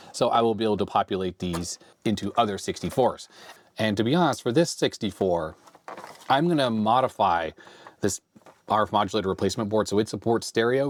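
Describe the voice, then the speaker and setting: A man in his forties with a slightly hoarse voice from a cold, casually thinking aloud as he tinkers with retro computer hardware. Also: lowish voice. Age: 40s. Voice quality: slightly raspy. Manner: rambling, thinks aloud while handling hardware. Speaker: retro computer video host. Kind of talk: casual hands-on tech vlog. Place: home workbench.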